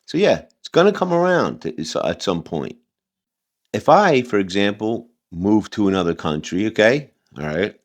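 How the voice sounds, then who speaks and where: Low-voiced rambling male commentator. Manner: rambling, heated, many fillers and restarts. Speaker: commentary channel host. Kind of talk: casual reaction commentary.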